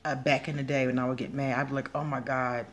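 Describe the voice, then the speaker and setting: A man's voice: medium pitch, little pitch movement, quick pace, a bit bright. A man giving blunt, emphatic advice as a spiritual healer in a casual vlog monologue.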